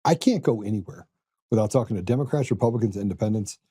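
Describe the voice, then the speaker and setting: A man's voice: fairly low pitch, quick pace, mellow, slightly rough. A man hosting a political talk podcast, telling stories in an earnest conversational way. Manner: earnest, storytelling. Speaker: podcast host.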